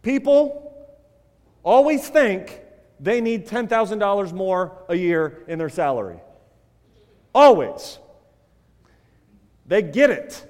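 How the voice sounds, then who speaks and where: Animated preacher in a reverberant hall. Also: male voice, sits high, slow pace, long pauses. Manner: animated preaching, swinging from loud emphasis to quiet asides, telling a joke story. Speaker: pastor. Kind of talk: sermon. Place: church sanctuary.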